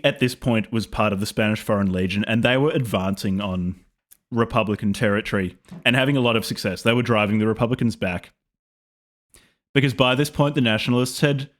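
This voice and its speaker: A man's voice: on the low side, a bit bright. An Australian man co-hosting a podcast, trading dry jokes and then reading history quotes steadily. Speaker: podcast co-host. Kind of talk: casual chat and history reading.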